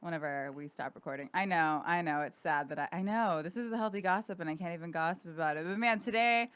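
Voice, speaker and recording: A woman's voice: fairly low pitch, quick pace, fairly bright tone, clear, resonant tone. A young woman hosting a casual podcast chat in a studio, rambling with lots of fillers. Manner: chatty, rambling with many fillers. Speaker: podcast host.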